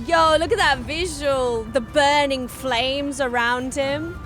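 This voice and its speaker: A woman with a high, bright voice gives excited reaction commentary, her pitch swinging widely as she breaks into shouts and squeals. Faint music plays underneath. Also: slow pace. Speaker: reaction video host.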